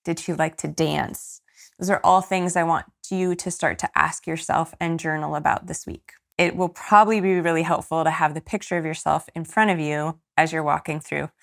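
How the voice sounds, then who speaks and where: Earnest woman with a gravelly voice. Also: deep voice, fairly even intonation, normal speed. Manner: earnest, encouraging, gets teary. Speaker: podcast host and coach. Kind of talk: casual solo podcast talk.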